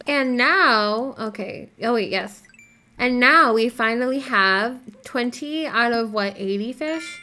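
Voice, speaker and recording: A woman's voice: on the high side, animated, slow, sharp tone. A woman giving casual gameplay commentary, chattering in a scatterbrained, self-deprecating way. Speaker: gaming YouTuber.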